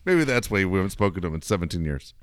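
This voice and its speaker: A man's voice: low-pitched, big pitch swings, very fast, no room sound, clean studio sound. A man co-hosting a radio talk show, teasing his partner and laughing often. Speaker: radio co-host. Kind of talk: casual podcast banter.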